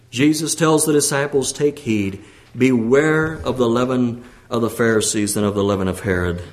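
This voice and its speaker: A man preaching a sermon as pastor, often repeating his phrases and clearing his throat, his pitch climbing when he exhorts. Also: moderate pace. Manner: frequent throat clearing and restarts.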